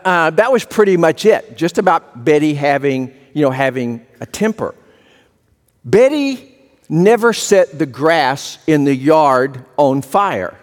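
A male pastor preaches in a folksy, storytelling manner and often restarts on a repeated word. His voice sits somewhat high for a man, and a long reverb trails it through the church hall. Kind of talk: sermon.

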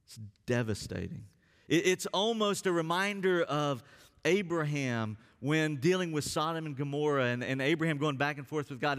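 In a church sanctuary full of long reverb, a male pastor preaches in an earnest, high-leaning, fairly bright voice. His intonation is lively and his pace moderate, and he stretches key words to stress them.

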